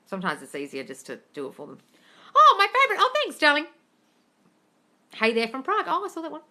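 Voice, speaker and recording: Speaking fast in a voice on the high side, a woman runs a casual phone-streamed Q&A, fielding viewer questions. She is blunt and swears a lot, addresses viewers as darling, and gets animated, squealing and laughing at the comments.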